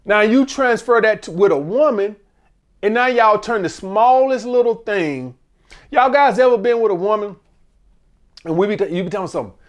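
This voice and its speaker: Male advice host, high voice, animated and foul-mouthed monologue. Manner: blunt, profane, animated rant. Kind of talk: casual monologue.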